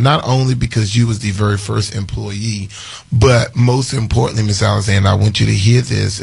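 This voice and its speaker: A man's voice: fairly low pitch, creaky, a little mellow, slightly rough. A man hosting a morning radio call-in show, effusive and full of thanks, repeating names as he talks. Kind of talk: casual call-in radio chat.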